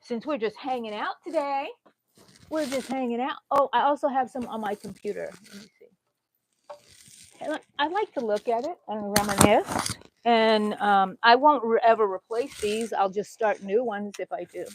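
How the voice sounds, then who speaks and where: At a normal speed and fairly high pitch, a woman in her 60s who hosts a crochet channel makes rambling, casual conversation on her livestream from a bedroom at home. A little hiss or hum can be heard.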